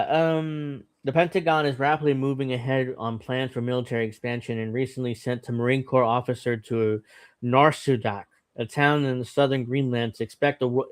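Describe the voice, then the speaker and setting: A man hosting a casual political podcast, reading articles aloud and stopping often for fillers and offhand comments. His voice sits at an ordinary middle pitch. The sound is dry and close, with no room around it. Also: no echo. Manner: reads articles haltingly with fillers and asides. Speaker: podcast host.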